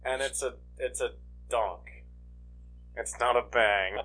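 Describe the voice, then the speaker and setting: A man's voice: medium pitch, slow, pushed and bright, slight background noise. A man co-hosting a podcast, chatting casually about movies with wry, joking asides. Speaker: podcast co-host.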